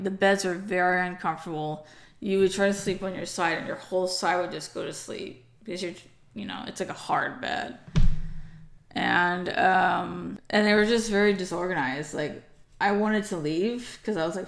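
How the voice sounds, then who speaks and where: Gravelly-voiced young woman rambling. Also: on the low side, fairly even intonation, moderate pace. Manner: rambling, frequent fillers and restarts. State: tired. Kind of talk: casual storytelling vlog.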